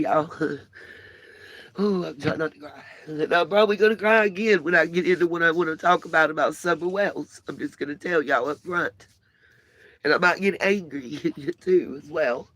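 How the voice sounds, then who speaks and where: A woman's voice: on the low side, a bit bright, no room sound. A woman hosting a casual vlog from inside a motorhome, talking into her cell phone in an earnest, rambling way with lots of fillers while she gets dressed. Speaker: channel host.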